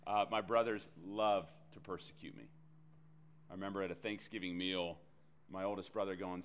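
A low-pitched man preaching from the pulpit, telling a personal story. His delivery is animated, with self-deprecating humor. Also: moderate pace, a little hiss or hum. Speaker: pastor. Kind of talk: sermon storytelling.

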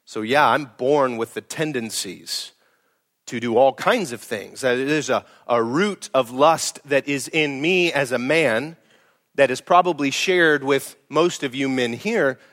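A middle-aged pastor preaches a sermon bluntly and emphatically, swinging between loud and hushed delivery. His voice is medium-pitched and unhurried.

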